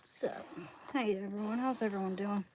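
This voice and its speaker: A woman's voice: mid-range voice, steady tone, moderate pace, low-quality recording. A woman hosting a casual livestream, chatting in a rambling way while cooking and talking to her dogs. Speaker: livestream host. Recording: loud background noise.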